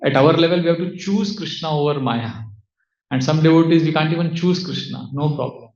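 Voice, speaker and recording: A man gives a devotional talk as a spiritual teacher, taking audience questions in a measured manner and posing rhetorical questions he then answers himself. His voice is fairly high and slightly mellow, and the recording sounds roomy and a bit dull.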